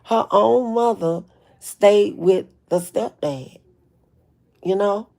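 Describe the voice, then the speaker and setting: Blunt gravelly-voiced woman live streaming. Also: mid-range voice, slow, darkish tone. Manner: blunt, emphatic, repeats herself; greets chat viewers by name. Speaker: livestream host. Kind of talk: casual live-stream commentary.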